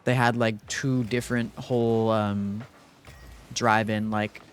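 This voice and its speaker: Smooth-voiced young male streamer. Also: on the low side, level tone, takes it slowly. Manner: rambling, filler-heavy, thanks viewers. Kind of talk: casual live-stream chat.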